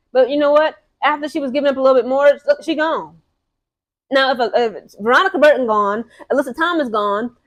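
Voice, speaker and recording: A woman's voice: high voice, no echo. A woman giving casual, emphatic, slangy opinion commentary as a sports fan vlogger.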